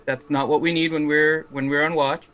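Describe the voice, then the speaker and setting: A man's voice: on the high side, level tone, moderate pace, bright, forceful tone, muffled recording. A man playing a tabletop game, talking casually and a little hesitantly. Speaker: player.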